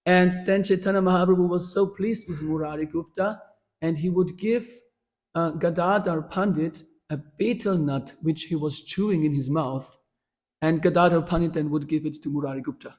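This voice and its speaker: A man's voice: fairly high pitch, moderate pace. A man, telling a devotional story at a workshop with many fillers and restarts. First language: German. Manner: animated, with frequent fillers and restarts. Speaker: workshop speaker.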